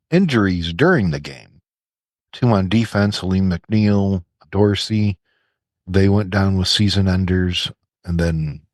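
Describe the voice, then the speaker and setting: A man with a very low voice co-hosts a laid-back podcast and rambles through sports talk and crude jokes. The recording is dry and close, with no room sound. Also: a little mellow, no echo. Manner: crude joking, rambling about sports and news. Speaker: podcast co-host. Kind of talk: casual chat.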